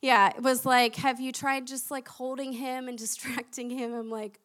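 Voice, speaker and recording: A young woman preaching a sermon, chatty and animated, laughing at herself as she tells stories. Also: sits high, moderate pace, hardly any pauses.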